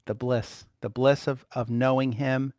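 A man teaches a Christian lesson in a relaxed, conversational way with lively emphasis and frequent chuckles. His voice sits at an ordinary middle pitch. The recording is dry and close, with no room sound. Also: no echo. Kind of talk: informal spoken teaching.

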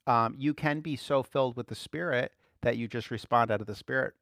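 A man giving conversational Bible teaching as a preacher, relaxed, laughing lightly and repeating key phrases. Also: medium pitch, fairly quick, creaky, dry recording, studio quality.

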